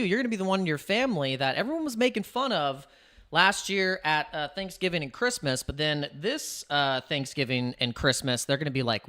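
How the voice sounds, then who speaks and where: A man's voice: on the high side, a little fast, pushed and bright. A man hosting a casual crypto livestream, chatty and rambling, hyping up his viewers.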